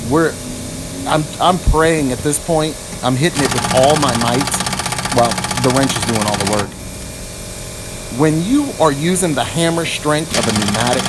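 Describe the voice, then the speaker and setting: Middle-aged guy doing a diy tire review, chatty and fed up, phone mic outside with lots of noise around. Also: mid-range voice. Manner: chatty, rambling and growing frustrated. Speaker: product reviewer. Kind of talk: casual DIY review vlog. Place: outdoors beside a car. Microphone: phone camera. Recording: noisy outdoor phone recording.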